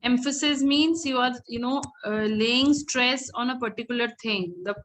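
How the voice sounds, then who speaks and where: A middle-aged woman with an Indian English accent teaches an online grammar class. She speaks in a slightly high voice, praising answers and now and then slipping into Hindi. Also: moderate pace, fairly bright tone, poor audio. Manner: encouraging, mixes in Hindi phrases.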